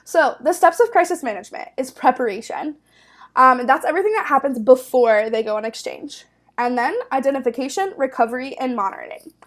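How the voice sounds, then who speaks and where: A young woman in her twenties leads a training webinar in an upbeat, casual way, her high voice sitting well above most women's. She talks loosely, leaning on fillers and breaking into quick laughs as she explains. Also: expressive. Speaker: network manager presenting a training webinar.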